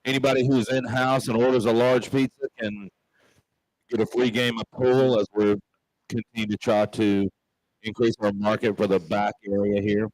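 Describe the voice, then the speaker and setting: A man from Memphis with a Southern accent, a pub owner and show host, rambling through stories with plenty of pauses and fillers. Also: lowish voice, level tone, darkish tone, no echo, rough recording. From Memphis, Tennessee. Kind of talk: casual chat.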